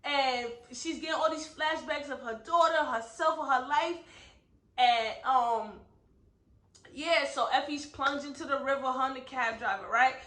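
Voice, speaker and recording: A woman's voice: high voice, measured pace, fairly bright tone. A woman giving a casual book review on her vlog, talking emphatically and peppering her speech with "like" and "right?". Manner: emphatic, heavy use of "like" and "right?". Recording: echoey room.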